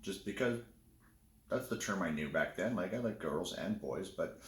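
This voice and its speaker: Guy with a deep voice rambling thru a personal story on his vlog, kinda echoey room. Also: animated, normal speed. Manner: candid, rambling, with many restarts. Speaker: vlogger.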